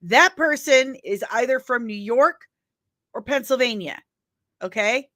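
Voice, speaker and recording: A woman's voice: a little high, expressive, unhurried, fairly bright tone. A woman from St. Louis with a St. Louis accent, hosting a daily comics news show in a casual ranting commentary, emphatic and exasperated, often ending her points with "okay?". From St. Louis, Missouri.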